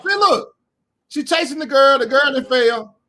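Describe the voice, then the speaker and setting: Fired-up man ranting in a high voice. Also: animated, moderate pace. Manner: blunt, heated, repeats himself, swears freely; rises to shouting when indignant. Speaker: reaction commentator. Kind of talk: casual reaction commentary.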